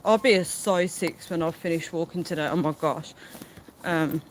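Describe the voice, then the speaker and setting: A woman's voice: lowish voice, normal speed, a little hiss or hum, low-quality recording. Breathless woman talking while walking. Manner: chatty, reads out viewer comments. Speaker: live streamer. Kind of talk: casual live-stream chat.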